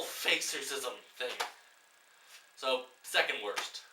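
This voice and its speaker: A man giving a sarcastic, profane comedy film review that builds into loud exasperated outbursts. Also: mid-range voice, expressive, normal speed. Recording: roomy echo, distant mic, faint hiss.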